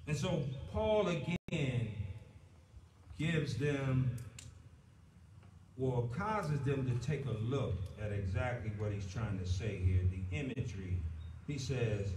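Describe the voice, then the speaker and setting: A man with an American accent preaching a sermon in a church, building to loud, drawn-out emphasis on key words. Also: medium pitch, expressive, a little hiss or hum. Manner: preaching with rising emphasis and slow drawn-out stresses. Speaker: pastor. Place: church sanctuary. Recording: echoey church from a distant mic.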